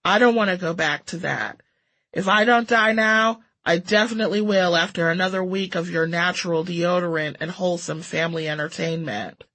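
A sour old female cat with no patience left, grumbling her complaints in a flat, dry way, as the narrator gives her a voice. Her tone stays bright and clear, with an edge of weary contempt. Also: mid-range voice, normal speed. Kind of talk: storytelling reading.

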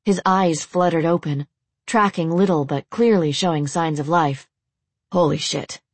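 A woman with a low, breathy voice reads a novel aloud in a steady storytelling manner. The recording is close and dry. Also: normal speed, no room sound. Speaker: audiobook narrator. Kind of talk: novel reading.

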